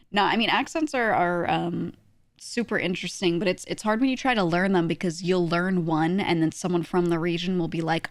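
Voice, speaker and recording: A woman's voice: on the low side, a little fast, no echo, studio quality. A woman streaming casually, rambling sarcastically with laughing asides as she reacts to her chat.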